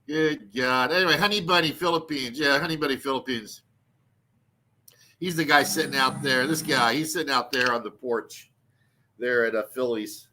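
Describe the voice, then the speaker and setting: A man's voice: mid-range voice, unhurried, pauses often, sharp tone, slight background noise. A man hosting a livestream, rambling crudely, swearing, and laughing often. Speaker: livestream host. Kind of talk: rambling casual livestream chat.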